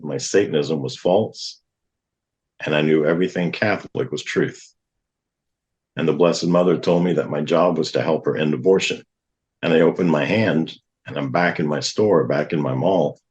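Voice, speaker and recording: A middle-aged man appears as a guest on a talk show, earnestly sharing a personal testimony and acting out what others said in a vivid retelling. His voice rumbles low with a darkish tone.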